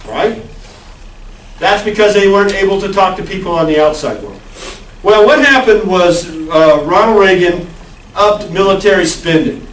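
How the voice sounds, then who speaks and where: A man's voice: high voice, expressive, normal speed, a bit bright. A male college lecturer giving a conversational classroom lecture and asking the class questions. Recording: echoey classroom, far from the mic.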